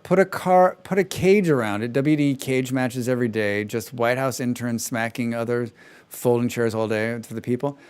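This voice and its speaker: Sarcastic man streaming a game. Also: mid-range voice. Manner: sarcastic, joking asides. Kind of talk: casual chat during a gameplay livestream.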